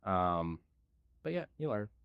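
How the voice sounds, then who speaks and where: A man's voice: low voice, big pitch swings, takes it slowly, gravelly, clean tone, no room sound, dull audio. A young man hosting a podcast in a casual, easygoing way, with many fillers. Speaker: podcast host. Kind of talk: casual chat.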